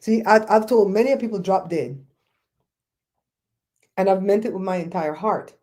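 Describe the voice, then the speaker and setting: A woman's voice: mid-range voice, normal speed, a little mellow. A middle-aged woman hosting a casual talk show, ranting bluntly and telling stories with mocking quoted voices. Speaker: host.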